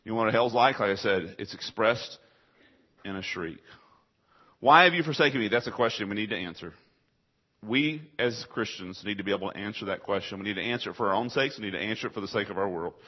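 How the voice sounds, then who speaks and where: A man delivers a sermon in a husky voice, throwing rhetorical questions at his congregation and answering them himself. His delivery swings from hushed, low passages to loud, high-pitched emphasis. The recording is dull and lo-fi. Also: quick pace. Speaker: pastor.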